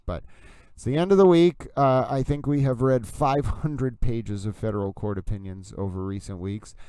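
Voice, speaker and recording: A man's voice: medium pitch, a little mellow, clean tone, no room sound. A man casually commenting on a livestream, rambling and interrupting himself as he goes. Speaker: streaming commentator.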